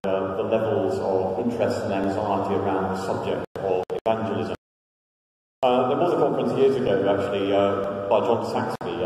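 A man's voice: lowish voice, darkish tone, a little hiss or hum. A man from Liverpool giving a humorous conference talk with wry, self-mocking jokes, recorded from far off in a church hall. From Liverpool, England. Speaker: conference speaker.

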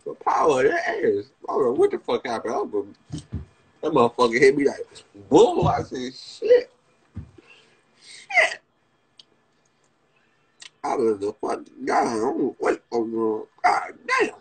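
A young man with a Washington DC area accent rambling to viewers on a livestream from a phone. He is profane and excitable, and he jumps into high, yelped quotes. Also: brisk, breathy edge.

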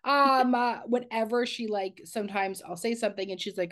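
A woman's voice: on the high side, a little fast, few pauses. A woman therapist co-hosting a podcast, talking frankly with casual swearing and lots of "like". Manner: candid and blunt, swears casually, many "like" fillers.

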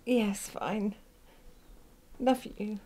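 An older woman playing an anxious, elderly mother in debt, speaking softly and pleadingly. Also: medium pitch, steady tone, extremely slow. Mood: worried. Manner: soft, fretful and pleading. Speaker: actress in a student short film. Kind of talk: low-budget film acting.

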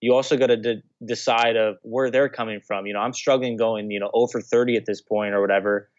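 In a relaxed interview, the guest, a young man who once played pro baseball, speaks in a low-leaning, steady voice at a brisk clip over a dry, muffled lo-fi recording. His storytelling wanders, with frequent restarts and plenty of "you know."

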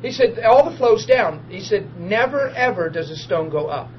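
A man preaching a testimony as a story, excitable, bursting into laughter and shouts. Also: high-pitched, normal speed. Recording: muffled recording with steady hum.

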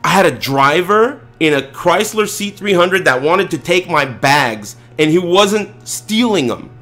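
A man streaming, telling a casual, profane, rambling story with animated delivery. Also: high voice, unhurried, soft background music.

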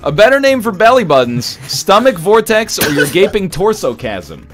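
A Canadian man streaming a party game, reading the prompts and players' answers aloud with quick jokes. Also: high voice, very animated, fairly bright tone, soft background music. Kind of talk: casual gaming stream banter.

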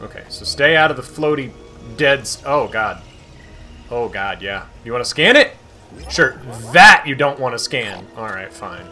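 A man hosting a gaming channel, giving excitable let's-play commentary, swearing and talking back to the game. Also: medium pitch, a little slow. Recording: voice over loud game music.

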